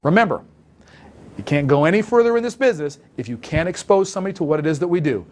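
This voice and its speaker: A sales trainer coaches listeners on making sales calls, speaking emphatically and acting out example calls in this instructional talk. His voice is a little high and a little mellow, animated and fast.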